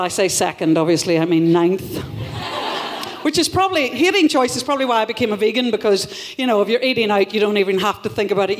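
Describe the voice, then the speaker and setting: A middle-aged Northern Irish woman performing a wry, punchy stand-up set at a live venue, with loud bursts. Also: fairly high pitch. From Northern Ireland. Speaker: stand-up comedian. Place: live comedy venue with audience.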